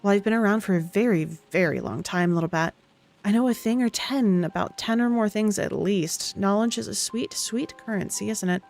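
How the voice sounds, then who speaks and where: A woman's voice: mid-range voice, moderate pace, gravelly, a little mellow, faint music behind, natural voice. A woman voicing a scraggly old woman who coaxes and wheedles with folksy endearments in a game. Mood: sly coaxing. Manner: sly, coaxing, folksy endearments.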